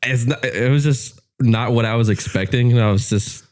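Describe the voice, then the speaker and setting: A man co-hosting a podcast in casual chat, thinking out loud with restarts and hedges. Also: mid-range voice, moderate pace. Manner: thinks aloud with restarts and hedging. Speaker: podcast co-host.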